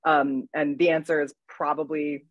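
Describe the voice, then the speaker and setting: A woman's voice: deep voice, level tone, moderate pace, lo-fi sound. A woman interviewing an author in a casual conversation. She is chatty, laughs easily and hesitates with fillers.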